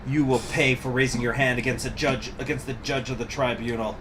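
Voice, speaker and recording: A man's voice: mid-range voice, steady tone, brisk, a bit bright, slight background noise, close to an everyday voice. A man voicing a stern, contemptuous revolutionary judge, reading game dialogue aloud in a cold, accusing tone.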